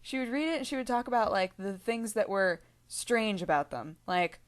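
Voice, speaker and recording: A woman's voice: medium pitch, lively intonation, moderate pace. A young woman telling a rambling story to her vlog viewers, full of fillers, asides and giggles. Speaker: vlogger.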